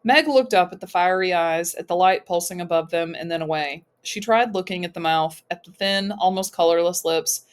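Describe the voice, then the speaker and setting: Low-voiced woman reading a novel aloud. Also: normal speed, few pauses, clear, resonant tone. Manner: voices characters with raised pitch and volume. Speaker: audiobook reader.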